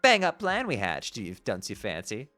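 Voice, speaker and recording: A man's voice: fairly low pitch, wildly swooping pitch, moderate pace, bright, forceful tone, soft background music, pitched below the performer's own voice, exaggerated voice. A man reading aloud as a cryptic, teasing woman in a put-on posh British accent.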